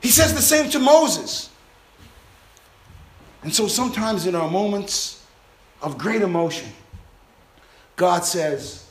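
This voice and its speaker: A man preaching a sermon to a responsive congregation, impassioned and swinging between loud exhortation and hushed intensity. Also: sits high, lively intonation, takes it slowly, long pauses. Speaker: pastor. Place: church sanctuary with congregation. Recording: roomy church reverb.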